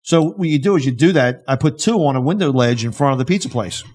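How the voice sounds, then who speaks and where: A man co-hosting a podcast, telling a story with lively energy and acting out the people in it. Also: mid-range voice, fast. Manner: animated storyteller who acts out the people in his stories. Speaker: podcast co-host. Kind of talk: casual storytelling chat.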